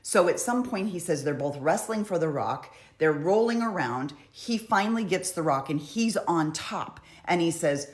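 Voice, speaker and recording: Recapping courtroom testimony, a woman with a lowish, animated voice talks at a moderate pace with hardly any pauses. A true crime commentator, she's chatty and conversational, sprinkling in "like" and "you know."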